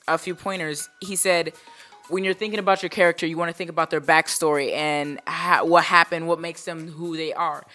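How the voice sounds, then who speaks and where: A young cast member of a sketch comedy show chatting casually in an interview, telling a story in a relaxed way. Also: male voice, a little high, a little fast, soft background music. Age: young adult.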